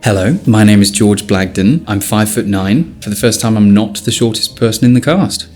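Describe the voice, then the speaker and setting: A man with a fairly low voice introduces himself and his stage role in a friendly, self-deprecating way. Faint music plays underneath. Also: normal speed, darkish tone. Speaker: actor.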